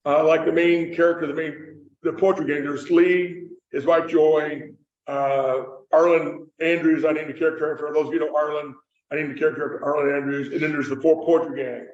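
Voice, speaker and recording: A man's voice: fairly high pitch, fairly even intonation, normal speed, darkish tone. A middle-aged man from Kentucky with a Kentucky accent, an author telling stories to an audience in a casual, rambling way and often restarting his sentences. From Kentucky, USA. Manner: chatty storyteller with frequent restarts and self-corrections. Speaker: author and screenwriter giving a talk. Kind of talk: casual anecdotal talk to an audience. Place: room with a live audience. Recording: echoey, distant, dull room recording.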